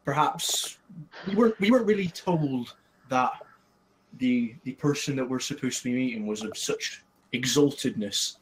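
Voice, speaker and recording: A man voicing a hesitant adventurer sent as an envoy in a tabletop game, with a halting, fumbling way of talking. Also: mid-range voice, a little hiss or hum, lightly acted, rough recording. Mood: flustered.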